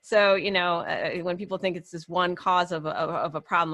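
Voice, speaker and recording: A woman with a slightly low voice talks through clinical ideas in a relaxed conversational way. She is a clinician, chatty and quick to laugh, and often slips into the voices of her patients. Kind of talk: casual professional discussion.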